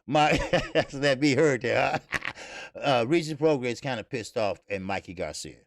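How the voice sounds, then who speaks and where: A man's voice: medium pitch, lively intonation, moderate pace, vocal fry, no room sound, clean studio sound. A man hosting a casual boxing livestream who talks bluntly and profanely, laughs often and rambles with lots of fillers while reading viewers' chat. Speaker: boxing channel host.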